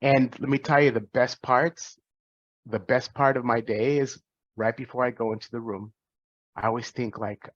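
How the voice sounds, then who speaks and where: A man's voice: medium pitch, fairly even intonation, normal speed, no room sound, lo-fi sound. A man in his forties, a physician giving an earnest, reflective talk to students, often restarting his phrases. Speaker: physician and guest speaker.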